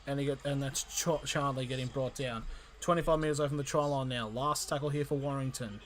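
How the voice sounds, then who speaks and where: A man calling a rugby league match live for his stream, in an amateur play-by-play style that jumps in excitement and often stumbles and corrects himself. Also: mid-range voice, brisk, slight background noise. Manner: excitable, frequent restarts and self-corrections.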